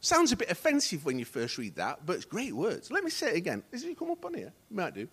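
A middle-aged man preaching a sermon as associate pastor, telling stories and acting out the dialogue, going from hushed to loud. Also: sits high, huge pitch swings, fast, slightly rough. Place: church hall.

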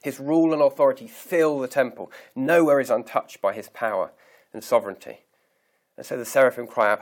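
A man preaching a sermon, reading scripture aloud slowly and deliberately and pausing to stress key words. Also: mid-range voice. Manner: measured, emphatic reading of scripture.

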